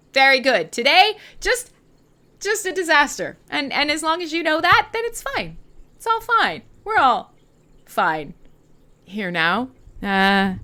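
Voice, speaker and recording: A woman livestream host from Canada talking in a loose, rambling way, full of giggles and swearing. Her voice sits fairly high and swings widely in pitch. Her tone is bright and crisp, and she sounds tired and a bit high. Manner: rambling, giggly, profane, self-mocking. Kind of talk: casual livestream chat.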